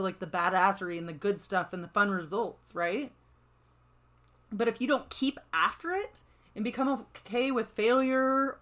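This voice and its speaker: A woman hosting a solo motivational podcast, talking in an upbeat, encouraging, chatty way and often checking in with "right?". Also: medium pitch. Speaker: podcast host.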